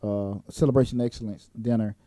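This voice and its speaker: A man's voice: fairly low pitch, steady tone, fairly quick, mellow, no echo. A man hosting a talk show in a casual, joking way, with plenty of fillers. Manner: laid-back, joking, lots of fillers. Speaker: host. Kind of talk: casual chat.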